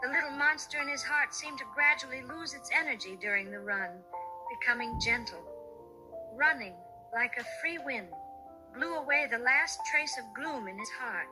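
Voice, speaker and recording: A woman narrating a children's bedtime story in a soft, soothing way. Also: high voice, moderate pace, poor audio. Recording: narration over soft music.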